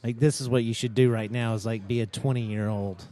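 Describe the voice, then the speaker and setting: Man, mellow dark voice, casual chat, rambling, sarcastic. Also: mid-range voice, steady tone, a little fast, no room sound. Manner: rambling, self-mocking, sarcastic.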